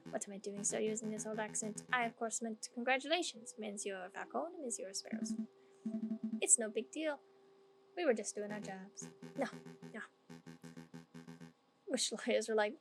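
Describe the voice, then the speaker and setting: A woman's voice: on the high side, animated, normal speed, long pauses, over music, poor audio. A woman streaming a game, reading the characters' lines aloud in playful put-on voices and joking between them. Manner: joking asides.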